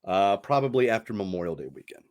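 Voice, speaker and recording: A man's voice: on the low side, sing-song, fast talker, darkish tone. A middle-aged man hosting a casual podcast, chatty and rambling, laughing often and restarting his sentences. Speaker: radio host.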